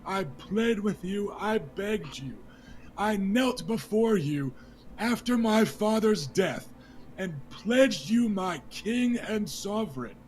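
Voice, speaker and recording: A man's voice: sits high, expressive, takes it slowly. A man voicing a young, nervous noble lord who pleads for justice, his voice close to breaking. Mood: indignant.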